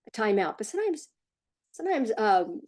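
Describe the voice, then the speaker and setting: A woman in her forties, a parenting coach, talking casually to the camera in a chatty, animated way that keeps jumping up in pitch as she acts out what others say. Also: normal speed. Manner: chatty, animated, laughs, acts out quotes with a raised voice.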